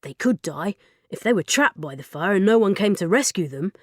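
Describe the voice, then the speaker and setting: A level-headed teenage boy, read by a woman telling a storybook. He explains things plainly and matter-of-factly, with a lively lilt. The sound is close and dry. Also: medium pitch, brisk, no room sound, natural voice. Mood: explaining.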